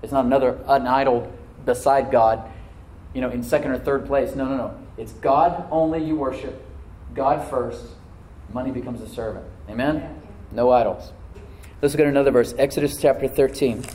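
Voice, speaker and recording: A middle-aged male pastor preaching a sermon, often asking the congregation questions and swinging between loud emphasis and hushed asides. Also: mid-range voice, fairly even intonation, moderate pace, a little hiss or hum, rough recording.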